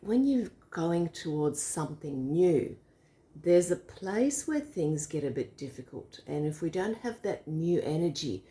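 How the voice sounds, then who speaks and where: Mellow low-voiced woman explaining casually. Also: expressive, a little slow. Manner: explains with a visual demo, laughs easily. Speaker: co-host. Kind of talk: casual bedtime reflection chat.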